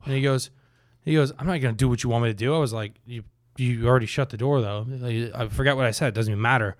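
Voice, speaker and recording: A man's voice: medium pitch, fast, no echo, studio quality. A man casually telling a story in a podcast chat, acting out what people said and swearing freely. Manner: animated, acts out quotes, swears freely.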